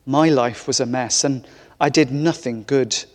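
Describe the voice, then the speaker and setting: A man's voice: mid-range voice, unhurried, a little mellow, natural voice. A man voicing a baffled, humble ordinary man who has just arrived in heaven, speaking plainly and unsure of himself. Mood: resigned. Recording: echoey church hall.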